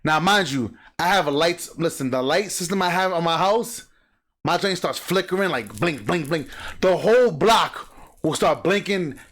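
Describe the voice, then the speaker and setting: Animated, high-pitched man reacting loudly. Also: normal speed. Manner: loud, emphatic, acts out sounds and quotes. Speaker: reaction video host.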